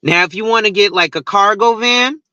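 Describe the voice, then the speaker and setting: Guy ranting on camera, high bright voice, cussing a lot, kinda dull dry sound. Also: normal speed, clear, resonant tone, no room sound. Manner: profane, rambling, laughs at his own stories. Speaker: insurance agent and social media host. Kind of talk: casual rant to camera.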